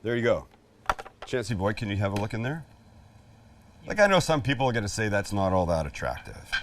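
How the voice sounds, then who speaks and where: A man's voice: on the low side, very animated, brisk, recorded from a distance, background noise. A middle-aged man hosting a casual cooking demonstration in his backyard, chatty, jokey and emphatic. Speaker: cooking show host. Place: outdoor backyard kitchen.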